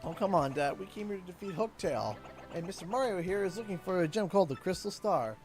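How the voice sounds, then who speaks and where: A man's voice: high-pitched, lively intonation, fast, a little mellow, faint music behind, pitched above the performer's own voice. A man voicing an earnest, polite young male turtle hero in a game playthrough.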